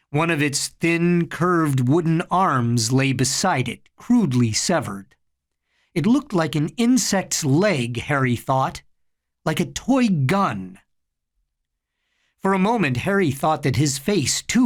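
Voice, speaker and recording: A storyteller giving a slow, dramatic reading of horror fiction. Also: mid-range voice, big pitch swings.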